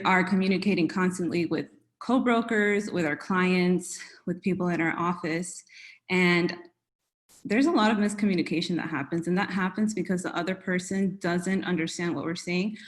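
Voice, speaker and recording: A woman from New York, a realtor, giving a friendly conversational presentation, slightly out of breath. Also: on the low side. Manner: friendly, conversational, uses filler words. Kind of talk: webinar presentation.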